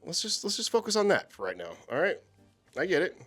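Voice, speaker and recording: A man co-hosting a casual chat about horror movies, animated and swearing freely. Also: sits high, fast, slightly rough, soft background music. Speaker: co-host.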